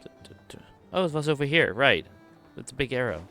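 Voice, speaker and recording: A man's voice: mid-range voice, sing-song, brisk, pushed and bright, soft background music. A man giving casual, laid-back gameplay commentary on a stream, mumbly at times and swearing lightly.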